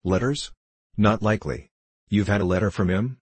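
A man's voice: fairly low pitch, normal speed, breathy edge, no echo. A man voicing a blunt, devoted old country nurse who speaks in folksy dialect. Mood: urging. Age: over 60. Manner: folksy dialect, urgent and coaxing.

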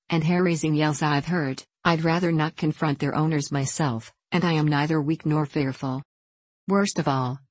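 A stern middle-aged lumber boss, read by a woman in a storybook, explaining in a measured, earnest way. The voice sits very low for a woman, and the sound is close and dry. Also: a little mellow, no echo.

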